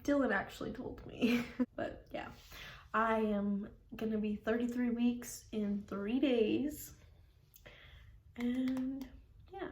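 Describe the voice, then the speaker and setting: A woman's voice: fairly high pitch, steady tone, slow, pauses often, darkish tone. Young woman vlogger, rambling casual storyteller, says "like" a lot, laughs easily, roomy echo. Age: young adult. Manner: rambling, fills with "like", laughs often. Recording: echoey room.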